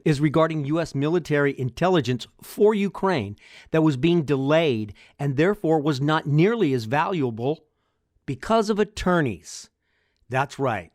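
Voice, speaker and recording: An older man talks through his podcast on his own, drifting into wry asides and rhetorical questions. His voice is mid-pitched and recorded dry, with no room sound. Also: darkish tone, no room sound. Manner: chatty, wry, rambling asides. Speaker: podcast host. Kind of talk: solo podcast monologue.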